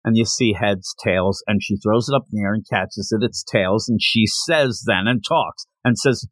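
A man's voice: fairly low pitch, normal speed, hardly any pauses, dry recording. A man hosting a casual podcast, recapping a comic chapter in a chatty, slangy way and reading characters' lines aloud. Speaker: podcast host.

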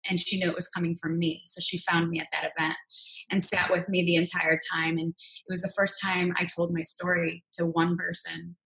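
A woman speaks as an interview guest, sharing her own story in an earnest, confessional way. Her voice sits fairly low, and she keeps a narrow, even pitch as she talks. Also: normal speed, gravelly. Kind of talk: candid personal storytelling.

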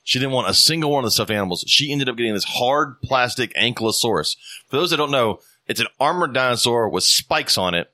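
A man's voice: mid-range voice, animated, a little fast, bright, forceful tone, dry recording, clean studio sound. A man in his thirties hosting a podcast, telling stories in a loose, profane, casual way. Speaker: podcast host. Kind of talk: casual chat.

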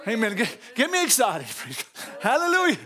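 A man preaching a sermon to his church, calling out to the congregation, laughing and shouting with exuberance. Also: extremely high pitch, huge pitch swings, moderate pace. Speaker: pastor.

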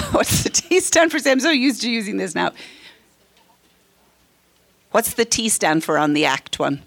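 A woman's voice: medium pitch, sing-song, a little slow, vocal fry, long pauses, a bit bright. A middle-aged woman counselor leading a parenting workshop, friendly, often laughing and acting out what parents and children say. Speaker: counselor teaching a parenting class. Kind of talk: workshop talk to a live group.

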